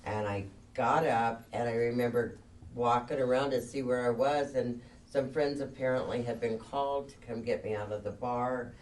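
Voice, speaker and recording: A woman's voice: extremely low pitch, fairly even intonation, moderate pace, a little mellow. A woman speaking at a recovery meeting, telling her story candidly and laughing at herself as she goes. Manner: candid and self-mocking, laughs often. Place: meeting room. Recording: distant mic with faint noise.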